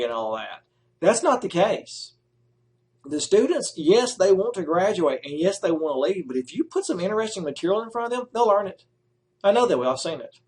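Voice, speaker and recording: A middle-aged man with a fairly high voice coaches student teachers in a direct, emphatic way. He hammers home his points by saying them again. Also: a little mellow. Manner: emphatic, repeats key points. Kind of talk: advice talk to student teachers.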